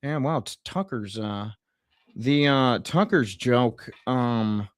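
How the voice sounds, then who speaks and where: A man livestreaming a satirical comedy rant in a mock-pundit persona, rambling with sarcasm and swinging between loud outbursts and muttered asides. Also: medium pitch, slow, clear, resonant tone, dry recording, studio quality. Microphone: streaming mic.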